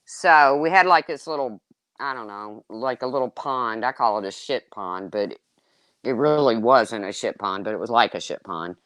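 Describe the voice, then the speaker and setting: Woman, casual storyteller, salty and animated, dry close sound. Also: normal speed, no echo. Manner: lively, swearing, jumps between high exclaims and low asides. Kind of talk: casual chat.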